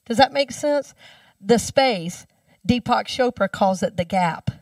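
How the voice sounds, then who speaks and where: A woman minister giving a sermon in a chatty storytelling way, dropping her voice low when she repeats the mantra. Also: lively intonation, slow, dry recording, far from the mic. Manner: conversational storytelling, speaks the mantra softly.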